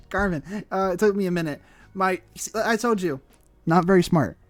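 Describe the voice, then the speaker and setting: A man streaming a game from home on a desk microphone, chatting in a loose, rambling, excitable way with laughs and casual swearing. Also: high voice, measured pace. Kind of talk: casual live-stream chat while playing a game. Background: faint chill background music.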